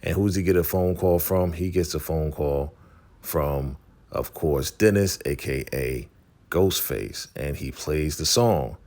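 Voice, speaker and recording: A man's voice: extremely low pitch, a little slow, darkish tone. A man hosting a casual recap vlog, laid-back and calling his viewers family. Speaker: host of a TV recap channel.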